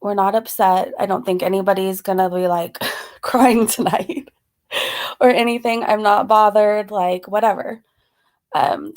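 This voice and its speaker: A woman's voice: medium pitch, fairly even intonation, normal speed, gravelly, darkish tone. A woman hosting a casual live stream. She is slightly out of breath, greets viewers by name and laughs between phrases.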